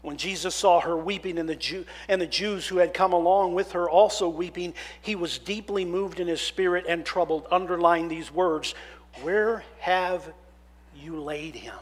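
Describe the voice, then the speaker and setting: Preacher, man, high voice, swings from hushed reading to loud storytelling. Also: normal speed, few pauses. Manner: dramatic shifts between hushed scripture reading and loud animated storytelling. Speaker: minister. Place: church sanctuary.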